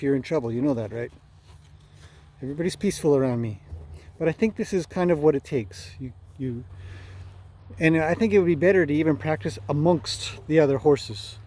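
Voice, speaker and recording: A man training horses out in a pasture, talking casually to the camera and chatting to the horses in a relaxed way. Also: a little high. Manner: relaxed, talks to the horses as he goes. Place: outdoors in a pasture among horses.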